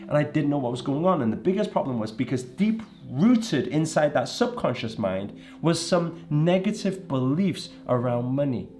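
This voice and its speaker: A man from England delivering a motivational talk, his pitch swinging widely as he presses each point. He talks emphatically and keeps checking in with his listeners. Faint music plays underneath. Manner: lively, emphatic, frequent "right?" and "you know". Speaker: motivational speaker.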